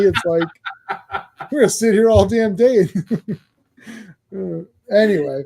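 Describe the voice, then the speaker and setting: Here the host speaks in a high, expressive, mellow voice at normal speed, leaving long pauses. It's casual wrestling-podcast chat, full of meandering stories that amuse him as he tells them.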